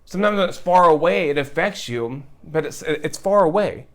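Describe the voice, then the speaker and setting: Earnest man, fairly high voice. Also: lively intonation, normal speed, fairly bright tone. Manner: earnest, emotional, repeats phrases for emphasis. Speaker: host. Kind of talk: heartfelt direct-to-camera talk.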